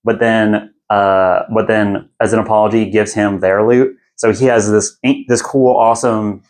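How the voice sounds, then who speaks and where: A man's voice: on the low side, fairly even intonation, unhurried, darkish tone. A young man hosting a podcast, casually retelling a fantasy book in a loose, irreverent, rambling way. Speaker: podcast host.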